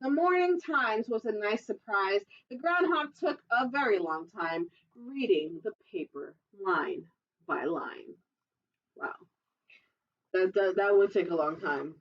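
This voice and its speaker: A woman's voice: medium pitch, animated, slow pace, recorded from a distance. A children's librarian, a woman, reading a picture book aloud at storytime and chatting playfully with the kids. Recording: dull lo-fi recording.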